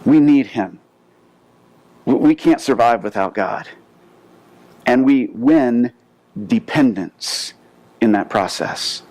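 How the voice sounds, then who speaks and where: A male pastor preaching a sermon, telling a story with lively asides and frequent word restarts. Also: medium pitch, takes it slowly, pauses often, no echo, poor audio.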